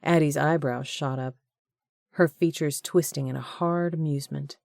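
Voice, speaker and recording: A woman narrating a romance audiobook in a measured, even storytelling manner. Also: low-pitched, vocal fry, dry recording, studio quality. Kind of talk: scripted narration.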